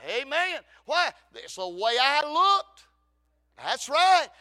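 High, gravelly preacher man. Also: expressive, unhurried. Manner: fervent, shouting at times, calls of amen. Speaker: Baptist preacher. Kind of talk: sermon.

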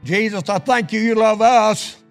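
Gravelly high-voiced impassioned preacher man. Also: normal speed, faint music behind. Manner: impassioned preaching with chanted, sung-out phrases; drops to a hushed voice in prayer. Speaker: pastor. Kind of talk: sermon. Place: church sanctuary.

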